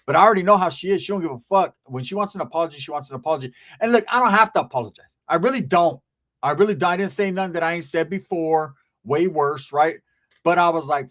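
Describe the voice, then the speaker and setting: A man with a fairly high-pitched voice tells a loose, rambling story in a casual, profane way. He swears freely and keeps tossing in "right?" as he talks. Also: fast talker, fairly bright tone. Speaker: storyteller vlogger.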